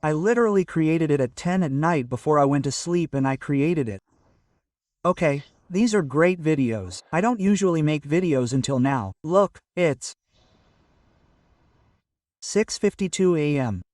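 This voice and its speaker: A man's voice: on the high side, animated, measured pace, a little mellow, no room sound, clean studio sound, distant mic. A man giving an earnest, casual motivational talk to camera and often checking in with "okay?". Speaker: motivational vlogger. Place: at home early in the morning.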